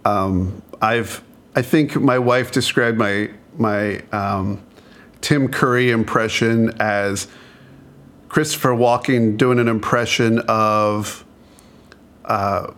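A man's voice: on the low side, steady tone, slow pace, a bit bright. A married man co-hosting a podcast in casual chat, joking and self-deprecating with frequent restarts. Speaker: podcast co-host.

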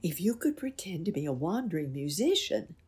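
A woman voicing a frightened, tearful giantess in a storybook, speaking in a hushed half-whisper. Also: on the low side, big pitch swings, brisk, breathy edge, full character voice. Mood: fearful.

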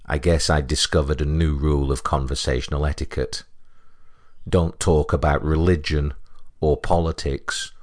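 A man with a British accent narrating a first-person story in a dry, deadpan way. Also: very deep voice, moderate pace. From Britain.

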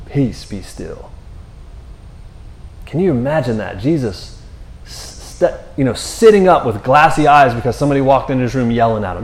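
A man's voice: mid-range voice, moderate pace, a little hiss or hum. A male pastor preaching in a loose, conversational way, often tossing in "man" and "you know.". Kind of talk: sermon. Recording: echoey room.

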